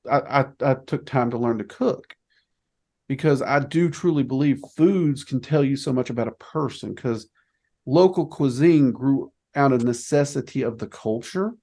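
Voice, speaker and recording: A man's voice: mid-range voice, moderate pace. Chatty American man telling a story. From United States. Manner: chatty storyteller, quotes others in animated voices. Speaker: podcast host. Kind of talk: casual conversation.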